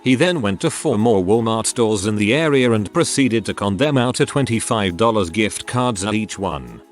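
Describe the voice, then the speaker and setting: A man reading online posts aloud as a story narrator, with a lively, expressive delivery and the odd slip and self-correction. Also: on the low side, moderate pace, soft background music.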